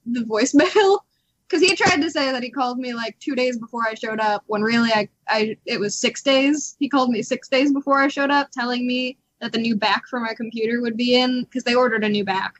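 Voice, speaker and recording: Woman, podcast co-host, fairly high voice, casual animated storytelling, frequent laughs, dull lo-fi recording. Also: brisk. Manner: animated, laughs often, acts out quotes.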